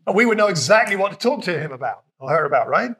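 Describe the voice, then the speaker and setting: A man with a British accent preaching a conversational sermon, retelling scripture and acting out lines with lively emphasis. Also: high voice, quick pace. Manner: conversational, animated, acts out quotes with raised voice.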